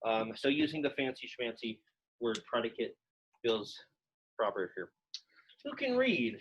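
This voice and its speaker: A young man leads a Latin lesson in a casual, chatty way. His voice sits at an ordinary middle pitch for a man. He explains grammar loosely, with plenty of fillers. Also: wildly swooping pitch, a little slow, lo-fi sound, a little hiss or hum. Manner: chatty and informal, many fillers like "like" and "um". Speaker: Latin teacher. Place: classroom, also teaching online students.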